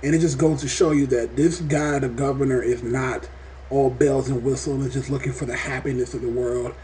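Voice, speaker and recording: Animated, foul-mouthed guy reviewing TV. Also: mid-range voice, moderate pace, slight background noise. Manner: animated, profane, rambling. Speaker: TV show reviewer. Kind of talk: casual review vlog.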